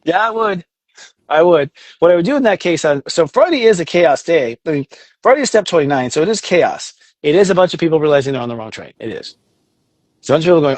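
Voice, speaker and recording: A man with a fairly high voice talks in an animated, casual way, often slipping into quoted inner voices and the odd swear word. The sound is dry and close, with no room echo. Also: fast. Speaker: astrologer guest. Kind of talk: casual podcast chat.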